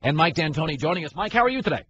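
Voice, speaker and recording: This sports talk host talks rapid-fire and animated, his voice fairly high and fairly bright. Full of opinions, he wanders from point to point and keeps abandoning sentences to restart them. A faint hiss and slight muffling color the recording.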